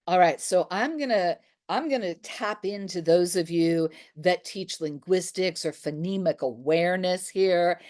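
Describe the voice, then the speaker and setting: Woman leading energetic articulation warm-ups. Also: fairly low pitch, unhurried, hardly any pauses. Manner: energetic, exaggerated articulation drills. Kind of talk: workshop instruction with call and response.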